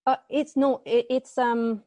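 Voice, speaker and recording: A young woman works through a grammar lesson over a computer mic. Her voice sits a little high and sounds dry and close. She hesitates, restarts and apologizes as she explains. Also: steady tone, measured pace, mellow, no echo. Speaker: teaching assistant. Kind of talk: online grammar tutorial.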